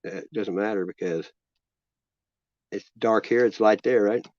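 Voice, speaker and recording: A man's voice: fairly low pitch, unhurried, darkish tone, dry recording. A man hosting a casual chat over drinks, rambling and laid-back with profane talk. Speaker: host. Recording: dull lo-fi sound.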